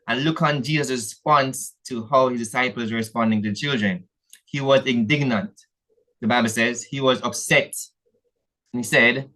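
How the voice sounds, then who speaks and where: A man's voice: medium pitch, normal speed, a bit bright. A Jamaican church elder preaching a sermon in a meeting hall, earnest and calling his listeners family, often restarting his sentences.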